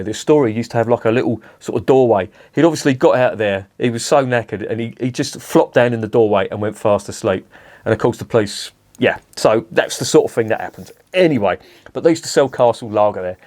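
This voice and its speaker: A man's voice: medium pitch, quick pace, darkish tone. A middle-aged man, reviewing a beer in a casual, rambling monologue, swearing freely and breaking off into asides.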